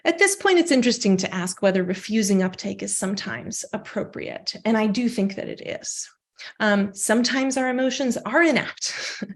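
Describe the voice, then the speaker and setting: A woman lecturing on philosophy in a measured academic style, often adding "um" and a rhetorical "right?". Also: mid-range voice.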